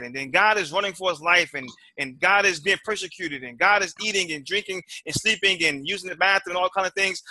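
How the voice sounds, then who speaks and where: A man with a high, ringing voice argues in a timed debate. He hammers his point with rhetorical questions and repeats words as he pushes on. The sound is close and dry. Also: bright, forceful tone, no echo.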